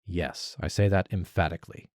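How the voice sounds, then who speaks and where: A man voicing a stubborn male accuser who answers in short, grudging replies, lower and quieter than his narrating voice. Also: fairly even intonation, moderate pace, no room sound, studio quality, lightly acted.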